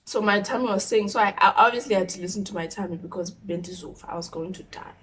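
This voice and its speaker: A young woman in her twenties with a South African accent, telling a personal story on her vlog in an expressive, animated way. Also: medium pitch, quick pace. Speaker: YouTuber.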